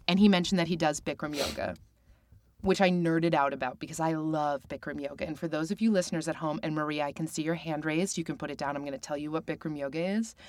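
Young woman guest, talkative explainer, low-ish pitch, dry studio mic. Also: no echo. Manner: chatty, quick explainer. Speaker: podcast guest. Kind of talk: casual studio chat. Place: recording studio.

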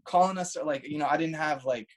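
A guest in his thirties with a brisk, higher-pitched voice recounts a story casually, swearing and dropping lots of "like" and "dude" amid the slang. He sounds laid-back, though the recording is low quality.

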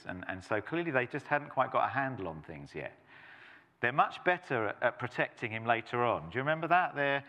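A middle-aged man, preaching a sermon as a pastor, telling stories with playful asides. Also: medium pitch. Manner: animated storytelling with playful asides. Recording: long reverb of a church hall.

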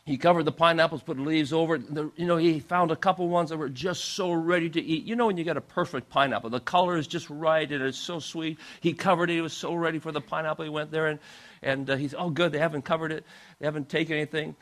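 A male pastor telling a story in a sermon, animated and acting out the people in it. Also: a little high, fast talker. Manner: animated storyteller, acts out quoted voices.

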